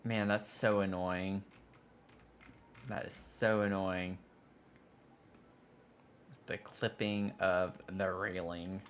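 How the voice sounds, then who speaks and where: A man chats unhurriedly as he builds in a life-sim game on stream, voice sitting a little low. He grumbles about glitches and lets out dramatic groans of dismay. Mouse clicks tap faintly behind him. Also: level tone, very slow, long pauses, a bit bright, slight background noise. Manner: chatty, frustrated, prone to dramatic groans. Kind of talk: casual livestream commentary while building.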